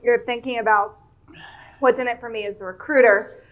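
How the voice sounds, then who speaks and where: A woman explains her point clearly as a guest on a live panel. Her voice sits a little high. She speaks in a plain, steady way. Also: normal speed, rough recording. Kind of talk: casual panel talk.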